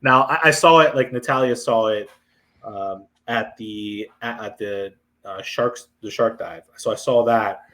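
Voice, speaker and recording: A man's voice: lowish voice, a little slow, fairly bright tone, rough recording. A man guest on a podcast, telling about his veterans' events in a hesitant way with many fillers. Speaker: guest, veterans foundation leader. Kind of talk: casual podcast interview.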